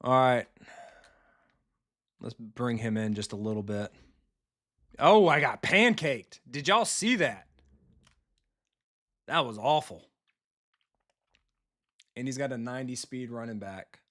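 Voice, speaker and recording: A man's voice: mid-range voice, big pitch swings, takes it slowly, pauses often, fairly bright tone. A man giving casual live commentary while playing a football video game, swearing freely and answering his viewers. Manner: casual, profane, chatty with viewers. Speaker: streamer and football coach.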